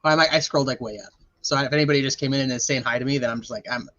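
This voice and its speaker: A woman's voice: rumbling low, rapid-fire, a bit bright, dry recording, lo-fi sound. A woman hosting a casual livestream chat, bubbly, greeting viewers by name and laughing often. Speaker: true crime livestream host.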